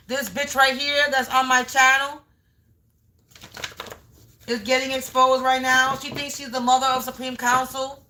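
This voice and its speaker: A woman's voice: high-pitched, bright, forceful tone. A woman doing a live tarot card reading as a spiritual reader, taunting and scolding a commenter and repeating her phrases.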